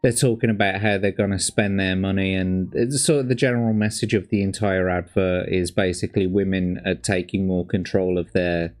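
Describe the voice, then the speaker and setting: Birmingham man, light accent, low voice, rambling sweary streamer, faint music behind. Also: steady tone, normal speed, few pauses, a little mellow. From Birmingham, England. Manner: rambling, sweary, full of fillers. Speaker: streamer reviewing old adverts. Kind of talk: casual commentary.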